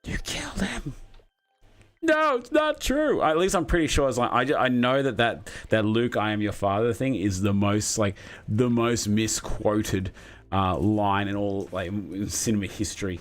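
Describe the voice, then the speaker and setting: A man's voice: on the low side, steady tone, moderate pace. A man in his thirties hosting a live stream, chatting casually and rambling, with many fillers and self-corrections. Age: 30s. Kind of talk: casual live chat while building.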